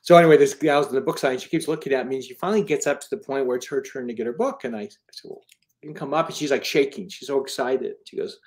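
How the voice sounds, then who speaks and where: Speaking fast at a medium pitch, this author and charity founder in his fifties recounts stories during a relaxed interview. His tone is darkish, and his earnest telling wanders, full of fillers and restarts.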